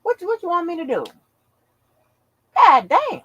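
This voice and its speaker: A woman hosting her own channel, telling a story in casual chat, animated and profane, acting out what people said. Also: very high voice, a little slow, muffled recording. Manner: animated, profane, acts out quotes. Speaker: channel host.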